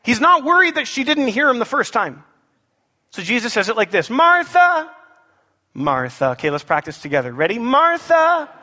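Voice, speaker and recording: Animated, bright-voiced male preacher. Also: on the high side. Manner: animated, playful asides to the congregation. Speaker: pastor. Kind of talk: sermon. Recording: echoey hall with long reverb.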